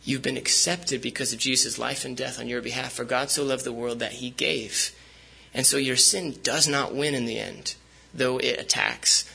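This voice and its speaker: A man's voice: mid-range voice, gravelly, pushed and bright, husky, low-quality recording. A man preaching a sermon as pastor, speaking conversationally with frequent fillers and restarts.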